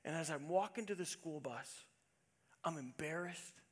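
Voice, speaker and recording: A middle-aged man preaching a sermon built around a personal story, earnest, moving from hushed quiet passages to emphatic ones. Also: a little high, measured pace. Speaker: pastor.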